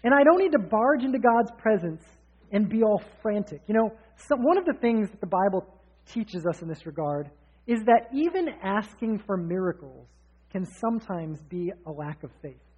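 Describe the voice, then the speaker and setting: A man preaching a sermon in an energetic, candid, conversational way. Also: high-pitched, normal speed, husky. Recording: tinny phone-like sound.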